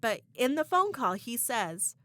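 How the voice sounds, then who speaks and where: A woman's voice: on the high side, big pitch swings, a little slow, sharp tone, no room sound. A young woman co-hosting a podcast, candidly retelling a painful breakup and acting out the dialogue. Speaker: podcast co-host. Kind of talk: casual chat, storytelling.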